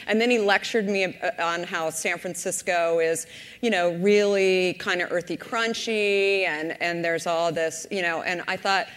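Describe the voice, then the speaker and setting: A company founder on a conference panel, telling her story with lively retellings and acted-out quotes. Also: on the low side, unhurried. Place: conference stage. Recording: reverberant conference hall.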